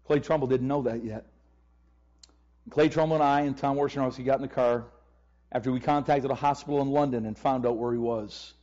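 A man's voice: mid-range voice, fairly even intonation, brisk, darkish tone, highs cut off. A middle-aged man, a pastor, tells a personal story in a sermon, earnestly acting out the urgent pleas of the people in it. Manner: earnest storyteller, acts out quoted voices with urgent pleading.

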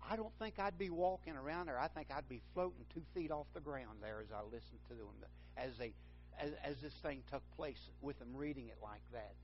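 A man's voice: mid-range voice, brisk, highs cut off, faint music behind. A man preaching a sermon, rambling and correcting himself, then building to fervent emphasis.

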